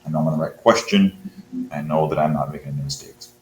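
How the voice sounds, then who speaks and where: A man's voice: a bass voice, fast, a little mellow. A man teaching math, thinking aloud as he works through a quiz problem and encouraging his students. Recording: roomy with faint hum.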